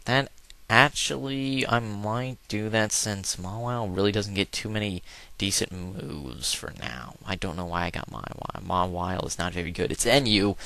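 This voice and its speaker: Rambling man with a bright, crisp voice. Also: fairly low pitch, normal speed. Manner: rambling, offhand, crude jokes. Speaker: let's play commentator. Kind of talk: casual gameplay commentary.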